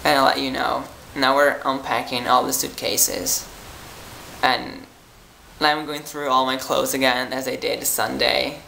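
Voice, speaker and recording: Tired, gravelly young vlogger rambling to viewers. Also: medium pitch, level tone, measured pace, bright, forceful tone, roomy sound, a little hiss or hum, poor audio. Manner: rambling, chatty, lots of "like" and "um". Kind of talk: casual vlog chat to viewers.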